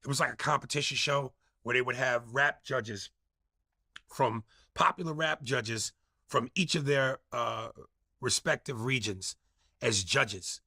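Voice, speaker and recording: A man's voice: mid-range voice, gravelly, pushed and bright, no room sound, studio quality. A man in casual debate, talking emphatically and profanely and mimicking the way others speak.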